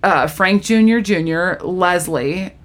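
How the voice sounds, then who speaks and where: A woman's voice: fairly low pitch, takes it slowly. A woman in casual chat who is animatedly retelling a story and says "like" a lot. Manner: animated storyteller, heavy use of "like", laughs often. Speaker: friend retelling a TV episode.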